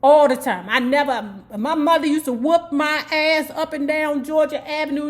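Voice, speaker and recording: A woman's voice: high voice, fairly even intonation, normal speed, hardly any pauses. A woman from Washington, D.C. hosting a book club vlog, casually retelling a life story with candid, profane asides and frequent "okay?" check-ins.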